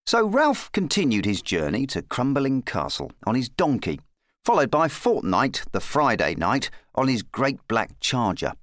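A man reading a children's story aloud in a playful, lively storybook manner. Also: mid-range voice, a little slow, no room sound, clean studio sound.

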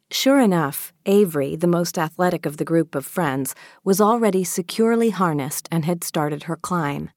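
A woman narrating a children's novel as an audiobook reader, in a steady, even storytelling manner. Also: lowish voice, a little slow, dry recording, clean studio sound. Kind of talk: scripted narration.

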